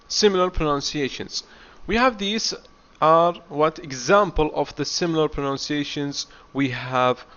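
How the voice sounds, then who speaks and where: Slow, deliberate man teaching English words. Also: fairly high pitch, fairly bright tone. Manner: slow, deliberate drilling, asks himself "what?" and answers. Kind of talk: classroom lecture. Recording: dull lo-fi recording.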